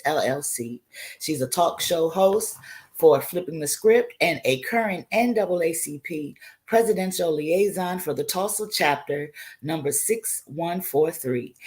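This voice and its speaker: Woman, low voice, casual chatty host introducing a guest. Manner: friendly, chatty asides.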